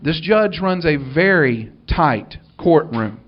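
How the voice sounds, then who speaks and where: Man, wry storyteller, slightly high voice, muffled recording. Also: animated, slow, faint music behind. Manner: dry, wry delivery with acted-out dialogue. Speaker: minister telling a story. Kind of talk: storytelling before an audience.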